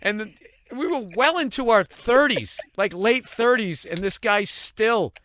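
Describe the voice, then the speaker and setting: A man's voice: high-pitched, measured pace. A middle-aged man from the Boston area telling blunt, profane stories as a podcast host. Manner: blunt, profane anecdotes with animated quoted voices. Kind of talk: casual chat, storytelling.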